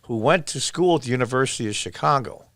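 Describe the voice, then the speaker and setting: A man's voice: mid-range voice, lively intonation, fast, a bit bright, no room sound. Emphatic man in his sixties, dry close sound. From upstate New York. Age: 60s. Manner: emphatic, repetitive, exclaims over footage. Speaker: political commentator. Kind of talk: casual political commentary.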